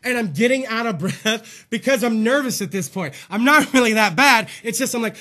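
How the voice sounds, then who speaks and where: A man's voice: extremely high pitch, expressive, normal speed, sharp tone. A man hosting a podcast, a little out of breath, rambling and swearing as he tells a story in casual chat. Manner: profane, rambling storytelling with laughs. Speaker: podcast host.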